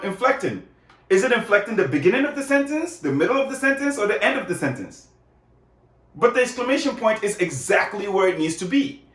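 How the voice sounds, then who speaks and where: A man's voice: fairly high pitch, fairly bright tone. A man giving a casual, conversational lesson, often checking in with "right?" as he explains. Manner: conversational, many fillers and tag questions. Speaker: lecturer. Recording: echoey room.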